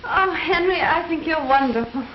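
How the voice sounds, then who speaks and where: An actress playing a dramatic, clingy young newlywed wife in 1930s film acting style, pleading with tearful outbursts. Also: female voice, sits high, animated, normal speed, reverberant. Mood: adoring. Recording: dull, hissy 1930s film soundtrack.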